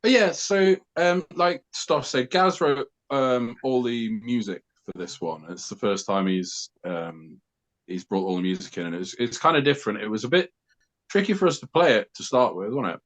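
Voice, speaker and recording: A man in a band who writes the lyrics, talking casually in an interview and often pausing with ums. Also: mid-range voice, lively intonation. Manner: hesitant, full of ums and restarts.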